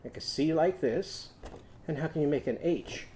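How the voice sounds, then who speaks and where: A man teaching a phonics lesson to young children, telling a story in a gentle sing-song way and leading chants and hand motions. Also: fairly high pitch, moderate pace, slight background noise. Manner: leads call-and-response chants and hand motions.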